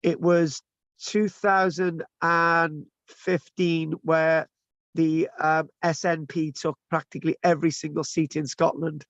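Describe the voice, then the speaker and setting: Speaking slowly and in a level tone, a man with a fairly high, fairly bright voice gives a loose, conversational lecture online, peppered with restarts and tag questions. The sound is dull lo-fi and dry, with no echo.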